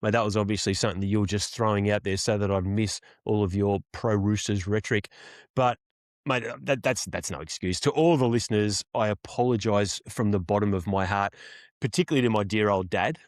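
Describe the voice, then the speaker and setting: A man's voice: fairly low pitch, fairly even intonation, fairly quick, no room sound, studio quality. Mock-solemn Australian man hosting a podcast. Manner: mock-solemn, self-deprecating, says "mate" often. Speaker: podcast co-host. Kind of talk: casual sports podcast chat.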